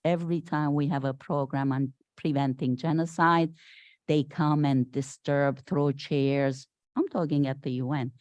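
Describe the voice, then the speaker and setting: An older woman from Syria, a guest speaker giving an animated storytelling talk at a Sunday service, acting out the voices she quotes. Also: low voice, measured pace, dry recording, lo-fi sound. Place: spiritual center meeting hall.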